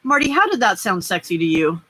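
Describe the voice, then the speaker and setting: A woman's voice: medium pitch, sing-song, fairly quick, fairly bright tone, low-quality recording. A middle-aged woman hosting a casual live stream, chatting and rambling as she crafts and answers viewers' comments. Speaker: livestream host.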